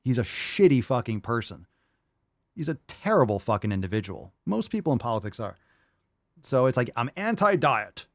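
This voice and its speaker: A man's voice: medium pitch, very animated, a little fast, darkish tone, dry recording, clean studio sound. A man hosting a podcast, reacting to clips with mocking, profane commentary and sneering mimicry. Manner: mocking, swears constantly, mimics in sneering voices. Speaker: podcast host reacting to videos.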